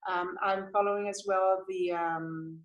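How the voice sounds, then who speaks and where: A woman from Costa Rica, a mother of young children, talking as an interview guest in an animated way, laughing often and restarting her sentences. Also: medium pitch, unhurried, reverberant, low-quality recording. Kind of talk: casual interview chat.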